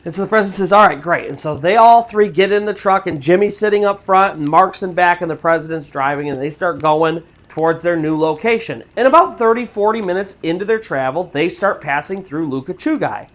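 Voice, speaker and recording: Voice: mid-range voice, fairly quick, few pauses. A storytelling channel host narrating a true scary story in a casual, conversational way with fillers.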